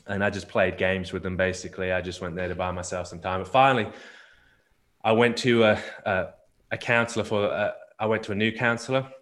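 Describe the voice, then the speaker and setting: A man's voice: low voice, little pitch movement, fairly quick, a bit bright. A man, a podcast guest and marriage coach, telling a candid personal story in a frank way, often repeating and restarting words.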